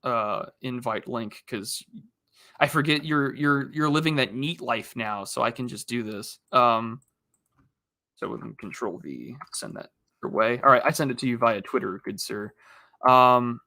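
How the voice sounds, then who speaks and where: A man's voice: medium pitch, measured pace, bright, forceful tone, no room sound, clean studio sound. A man hosting a casual livestream, rambling through topics with many fillers and restarts while answering chat. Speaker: livestream host.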